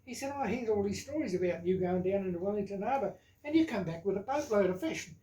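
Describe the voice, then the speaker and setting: A man's voice: high-pitched, expressive, fast, dark tone. An older man with a New Zealand accent, casually telling family stories and jokes, with rambling asides like "right?" and "eh?". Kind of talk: casual storytelling. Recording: echoey room.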